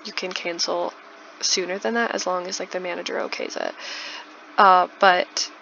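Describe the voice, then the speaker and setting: A chatty young woman tells a story in a loose, casual way, full of likes and restarts. Her voice is bright with a gravelly fry at the edges. The recording is dull and lo-fi, with a faint hiss behind her. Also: medium pitch. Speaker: YouTuber. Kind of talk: casual storytime over a speed build.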